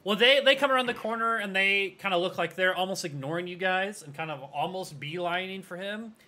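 Man, game master, tabletop game narration, rambling, bright voice. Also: high voice, fairly quick. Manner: loose, rambling narration with hedges.

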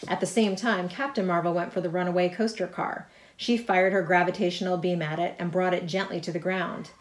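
A middle-aged woman with a fairly low voice reads her picture book aloud to children. She is lively and chatty, breaking off to point out the pictures. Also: a little fast. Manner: lively reading, chatty asides about the pictures. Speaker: author reading her book. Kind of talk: storybook read-aloud.

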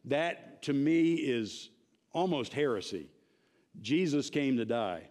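A man's voice: medium pitch, animated, slow pace, a little mellow. A man teaching a church Bible class in a conversational, emphatic way, often checking in with his listeners.

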